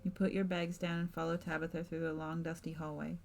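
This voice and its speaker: A woman streamer reading a spooky game's narration aloud in a measured, softly dramatic way. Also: sits low, level tone, gravelly, soft background music.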